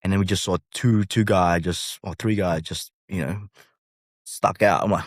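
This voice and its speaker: A man, a boutique owner guest telling animated stories in a casual interview, acting out what people said. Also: on the low side, normal speed, dry recording, clean studio sound. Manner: animated storyteller, acts out quotes in a raised voice. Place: podcast studio.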